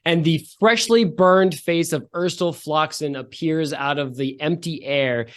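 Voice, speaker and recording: A woman's voice: low voice, a little slow. A woman game master narrating a tabletop game with friends, casual, swearing and poking fun at herself. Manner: casual, swearing, self-mocking.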